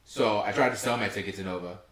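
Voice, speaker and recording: A young man co-hosting a podcast, rambling quickly with lots of likes. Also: lowish voice, fairly bright tone. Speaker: podcast co-host. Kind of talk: casual chat. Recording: echoey room, mic at a distance.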